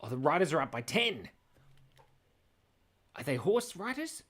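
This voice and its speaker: Playful rambling man, lively pitch. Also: unhurried, long pauses. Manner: rambling, playful, jumps between random thoughts; often breaks off mid-word and restarts. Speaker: live-stream drawing host. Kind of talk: casual live-stream chat while drawing. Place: indoors at his computer.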